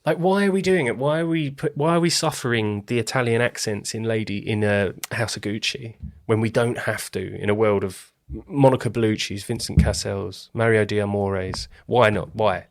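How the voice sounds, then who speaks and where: A man with a lowish voice co-hosting a film podcast. He argues in an animated, exasperated way, piling up rhetorical questions as he rants. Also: moderate pace. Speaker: podcast co-host. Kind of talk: casual film review chat.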